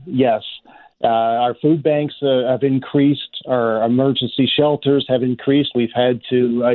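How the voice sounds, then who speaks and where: A male charity officer being interviewed over the phone, earnest and measured, often restarting his sentences. The line is tinny and phone-like. The sound is completely dry. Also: mid-range voice, no room sound. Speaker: Salvation Army officer, guest.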